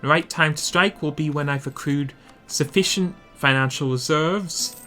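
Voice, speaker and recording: A man's voice: fairly high pitch, moderate pace, pushed and bright, faint music behind. A man narrating an instructional strategy game guide, explaining his plans while thinking aloud and correcting himself as he goes. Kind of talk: instructional gameplay commentary.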